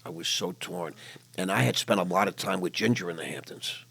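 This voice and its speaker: A man's voice: deep voice, brisk, vocal fry, fairly bright tone, husky. An older man hosting a casual interview, talking bluntly and candidly about his own past. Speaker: podcast host.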